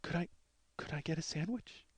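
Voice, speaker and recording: A man voicing a frail, timid older homeless woman who murmurs her requests softly and hesitantly. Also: low-pitched, normal speed, slightly rough, no echo.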